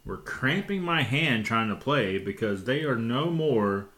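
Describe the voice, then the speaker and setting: A middle-aged man from Texas co-hosting a casual family podcast, an animated storyteller who laughs often. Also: medium pitch, measured pace. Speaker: podcast co-host.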